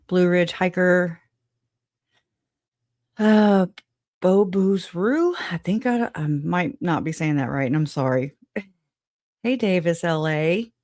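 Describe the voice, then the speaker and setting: A chatty woman runs a casual livestream, greeting her viewers one by one. She speaks slowly and frankly, with frequent laughs and a note of exasperation. The sound is dry, with no room echo. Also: low-pitched, darkish tone. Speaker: livestream host.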